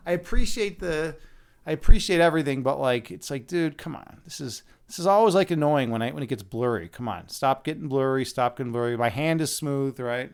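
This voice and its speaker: A man's voice: mid-range voice, lively intonation, brisk, clear, resonant tone. A man hosting a live stream, chatting casually and playfully with viewers, often repeating and restarting his words, speaking close to the microphone. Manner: playful, laughs at himself.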